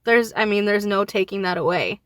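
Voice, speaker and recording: Bright-voiced woman fighting back tears. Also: medium pitch, brisk, dry recording. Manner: grieving and enraged, voice rising and falling. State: on the verge of tears. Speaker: vlogger. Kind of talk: emotional direct-to-camera talk.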